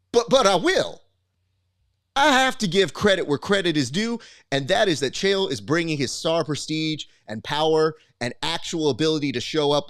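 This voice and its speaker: A man doing a boastful, taunting trash-talker who swings his voice up and down for effect. The pitch sits a little high and rises to mock. The sound is dry and close. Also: a bit bright, no echo, exaggerated voice. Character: gravelly brash male fight promoter doing trash talk. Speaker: host.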